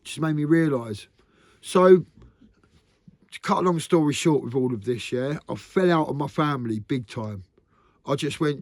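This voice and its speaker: A man's voice: a little high, moderate pace, long pauses, no echo, studio quality. A man talking candidly to camera in a rambling, earnest vlog, often tagging sentences with "mate". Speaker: vlogger.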